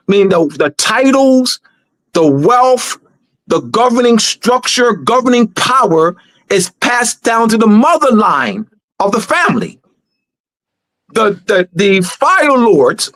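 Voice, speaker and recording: A man's voice: sits high, fairly bright tone, no echo. A man hosting a live teaching discussion, talking emphatically and repeating his points as he urges listeners on. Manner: emphatic and repetitive, urging listeners. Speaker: host.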